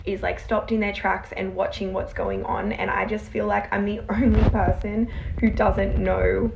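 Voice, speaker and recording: Gravelly-voiced woman telling a story. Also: mid-range voice, normal speed, echoey room, lo-fi sound, background noise. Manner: animated storyteller acting out quoted dialogue. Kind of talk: storytime recounting a personal experience.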